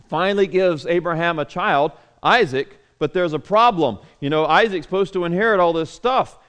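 A man's voice: on the high side, clean tone. A man reading scripture aloud, then explaining it in a conversational Bible lesson full of rhetorical questions. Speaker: Bible study teacher.

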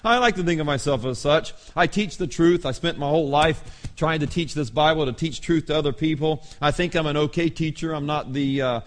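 A middle-aged male pastor preaching a sermon, telling the story with dramatic pauses and laughter. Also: fairly high pitch, faint music behind.

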